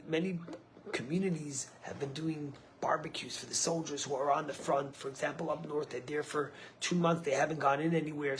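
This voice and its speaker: A man speaking as a rabbi, giving a sermon with stories, swinging from low, quiet phrases to high, emphatic peaks. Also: slight background noise. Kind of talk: sermon with storytelling.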